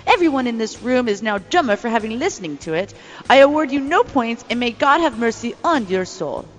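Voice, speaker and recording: A woman's voice: a little high, sing-song, brisk, long reverb tail, soft background music. A woman putting on a scornful British judge. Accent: put-on British.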